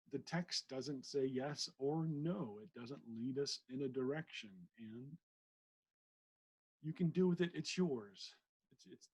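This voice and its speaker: A man's voice: mid-range voice, darkish tone, slightly rough, rough recording. A man hosting a podcast, reading a novel aloud with casual, self-deprecating commentary. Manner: self-deprecating, chatty asides.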